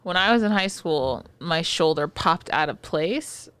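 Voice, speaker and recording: A woman co-hosting a casual podcast, an occupational therapist telling animated, profane stories about her week. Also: on the low side, a little slow, clear, resonant tone. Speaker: podcast co-host. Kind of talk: casual chat.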